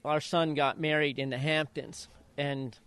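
An older man from Idaho, a retired jockey, telling stories in an interview and acting out quotes in high voices. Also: a little slow, smooth, dry recording. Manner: animated storyteller, acts out quotes in high voices. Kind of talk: storytelling interview.

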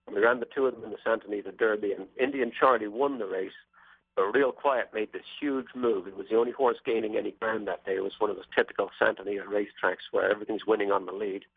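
A man's voice: lowish voice, husky, no room sound. Man telling stories over a tinny phone line. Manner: chatty, anecdotal, wry. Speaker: racehorse trainer, guest. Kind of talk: storytelling interview answers. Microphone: telephone.

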